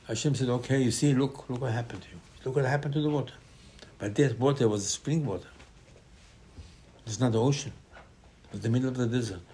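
Male rabbi type, middle-pitched voice, animated sermon storyteller with loud bursts and hushed asides. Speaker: rabbi teaching Torah. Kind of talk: Torah class sermon.

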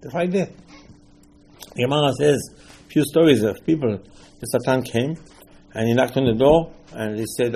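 Gravelly emphatic man giving a sermon. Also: medium pitch, brisk. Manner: emphatic, rising to loud bursts, non-native grammar. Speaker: rabbi.

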